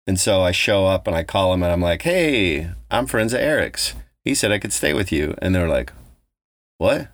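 A man's voice: low voice, very animated, normal speed, no room sound. A man hosting a podcast, telling a travel story in a loose, rambling way with plenty of swearing. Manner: loose, profane, rambling with restarts. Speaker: podcast host. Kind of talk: casual storytelling.

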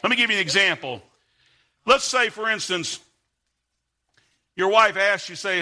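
A middle-aged man preaching as a guest pastor, emphatic and building to sudden shouts, reading scripture in old King James wording. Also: sits high, expressive, a little slow, pauses often. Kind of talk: Baptist sermon.

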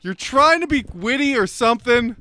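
A man's voice: extremely high pitch, animated, normal speed, sharp tone. A man co-hosting a podcast, teasing his friend in casual banter and laughing often. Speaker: podcast co-host.

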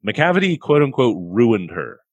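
A man co-hosting a casual comedic film review, ranting with profanity and sudden high-pitched outbursts of exasperation. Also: big pitch swings, normal speed, no echo. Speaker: podcast co-host.

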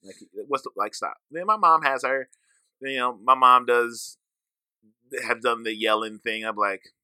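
A man's voice: mid-range voice, measured pace, bright, forceful tone, smooth, no room sound. A man co-hosting a podcast, talking in a laid-back, reflective way and swearing casually. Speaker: podcast co-host. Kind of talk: casual chat.

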